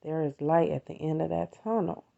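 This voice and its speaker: Low gravelly woman from the us, middle-aged, chatty podcast, kinda muffled. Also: brisk, mellow. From United States. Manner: heartfelt, conversational, addresses listeners as "you all". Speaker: podcast host. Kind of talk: personal faith talk.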